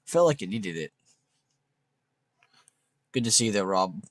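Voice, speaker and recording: A man with a lowish voice chats casually on a livestream from a home setup. He jokes loosely, swears now and then and laughs at his own jokes. The sound is dry and close to the mic. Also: very animated, takes it slowly, no echo. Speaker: livestream host. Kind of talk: casual livestream chat reading viewer comments.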